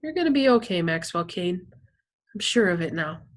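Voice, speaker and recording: A woman's voice: fairly low pitch, big pitch swings, normal speed. A woman voicing an earnest school principal who reassures a boy in a soothing, insistent way. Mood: reassuring.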